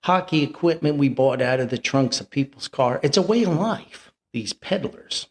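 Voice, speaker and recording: An older man from New tells a rambling family anecdote, chuckling as he goes. His voice is gravelly and sits mid-range. He swings up and down with lively, animated pitch. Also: normal speed, slight background noise. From New Jersey. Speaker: podcast host and storyteller. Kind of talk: anecdotal storytelling.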